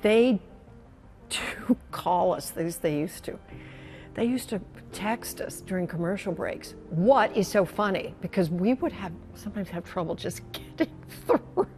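A woman's voice: medium pitch, a little slow, soft background music. A woman in her sixties, a longtime TV news anchor, telling stories in a reflective, emotional conversational interview and often repeating her phrases. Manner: animated, emotional storyteller who repeats phrases.

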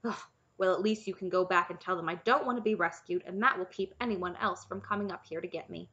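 A woman's voice: on the low side, fast, fairly bright tone, dull audio. A woman narrator voicing a young princess who speaks firmly and matter-of-factly. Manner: firm and matter-of-fact. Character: young princess, firm, practical, unconventional.

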